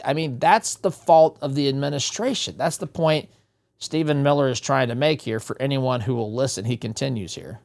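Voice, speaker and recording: A man's voice: medium pitch, moderate pace, vocal fry. A man hosting a talk radio show, giving emphatic, opinionated commentary, firing off rhetorical questions and calling his listeners "my friends". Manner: rhetorical questions, animated swings in loudness.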